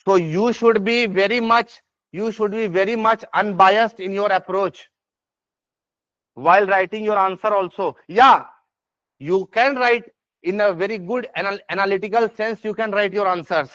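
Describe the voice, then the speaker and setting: Speaking at normal speed in a high, slightly bright voice, the lecturer continues teaching the exam essay with his Indian English accent. He often confirms that students follow with "yes or no?" and "is this part clear?", restarting and using fillers emphatically. The audio is dry and slightly dull lo-fi.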